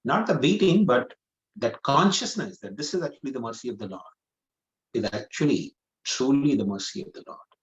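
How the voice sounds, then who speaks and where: A man's voice: mid-range voice, lively intonation, moderate pace, highs cut off. A man giving a scripture class, telling a story earnestly and repeating phrases for emphasis. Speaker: preacher.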